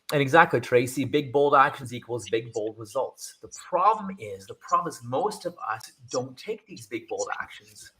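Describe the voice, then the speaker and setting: A man's voice: mid-range voice, expressive, moderate pace, few pauses, a bit bright. A man working as a communication coach, giving advice in an interview with energy, stressing and repeating his key phrases.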